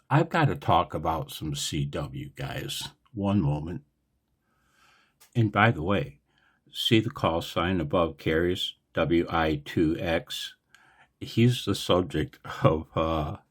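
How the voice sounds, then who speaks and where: Low, husky man for a laid-back radio hobby vlog, slow and chatty, wanders off topic. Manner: rambling, chatty, digressive. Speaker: amateur radio operator. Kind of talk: casual explanatory vlog.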